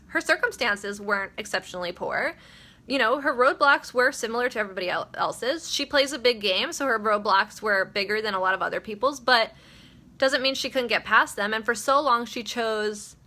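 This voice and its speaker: Woman, casual motivational host, bright voice, a bit high, blunt, swears freely, chatty. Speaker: host of a daily motivational live video. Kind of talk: casual motivational talk to viewers.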